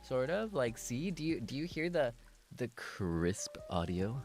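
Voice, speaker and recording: A man's voice: medium pitch, sing-song, unhurried, darkish tone, soft background music. A man chatting casually on a livestream, playful and rambling, full of teasing asides. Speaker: streamer.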